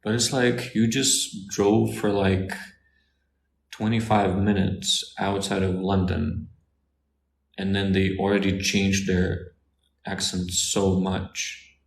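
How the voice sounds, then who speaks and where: Slow, gravelly man. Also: deep voice, echoey room, slight background noise, poor audio. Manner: thinks aloud with fillers and restarts, relaxed explaining. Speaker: Russian tutor answering viewer questions. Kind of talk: casual Q&A livestream.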